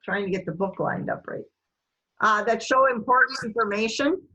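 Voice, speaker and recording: Woman teacher on a video call, kinda high voice, slow and careful, lots of ums and uhs. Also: sharp tone, poor audio. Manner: slow, careful, many fillers. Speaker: ESOL teacher. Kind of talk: online class lecture.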